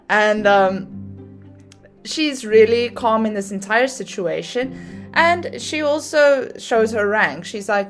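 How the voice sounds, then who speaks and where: A woman's voice: fairly high pitch, slow. Chatty woman podcaster, faint music behind. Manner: chatty and explanatory, laughs at her own asides, uses fillers. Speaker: podcast host. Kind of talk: casual lecture-style podcast talk.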